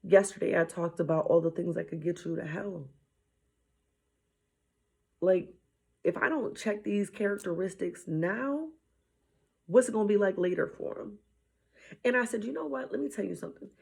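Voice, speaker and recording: A woman with a husky, slightly breathy voice tells a story about her children in a casual faith talk. She acts out what she said to them and slips into hushed whispers now and then. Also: mid-range voice, moderate pace, pauses often. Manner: animated retelling, dropping to a whisper at times. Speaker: mother sharing a faith message.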